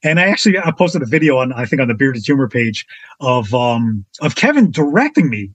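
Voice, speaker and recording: A man as a podcast guest telling a casual anecdote in an animated way, acting out the other people's lines with big jumps in his voice. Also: brisk, no room sound, lo-fi sound. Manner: animated, acts out quotes with big pitch jumps.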